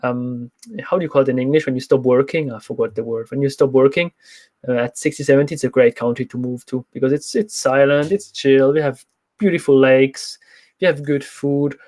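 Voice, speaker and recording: Talking fairly quickly at a medium pitch, the man has a slightly mellow voice and a Swiss accent, being from Switzerland. He's a fitness coach taking viewer questions in an open, rambling livestream where he keeps starting over.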